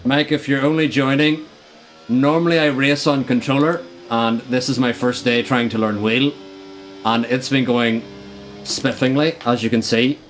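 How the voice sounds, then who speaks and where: A young male streamer commentates his racing game live, half joking and half exasperated, with the odd curse thrown in. His voice sits at a middling pitch for a man, and quiet music plays underneath. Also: fairly even intonation, normal speed. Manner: joking and frustrated, swears at the game.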